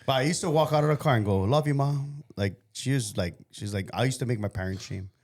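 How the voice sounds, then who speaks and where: Laid-back low-voiced local man joking. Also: animated, quick pace, darkish tone, breathy edge. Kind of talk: casual chat.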